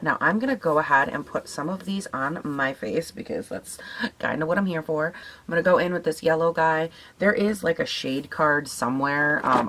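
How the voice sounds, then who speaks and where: A young woman with a raspy morning voice, chatting casually as she tests makeup, swearing now and then and laughing at herself. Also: low voice, a bit bright. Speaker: beauty vlogger. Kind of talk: casual makeup tutorial chat.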